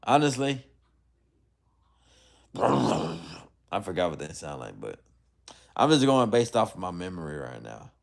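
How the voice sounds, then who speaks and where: A man's voice: deep voice, sing-song, a little slow, gravelly, long pauses. Chatty young man hosting a livestream. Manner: loose, chatty, rambling, laughs often. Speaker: livestream host. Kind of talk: casual livestream chat reading comments.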